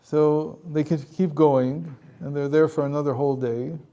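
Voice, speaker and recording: A man's voice: on the high side, fairly even intonation, moderate pace, mellow, muffled recording. A man, a rabbi and teacher, telling a story in a conversational lecture with frequent chuckles.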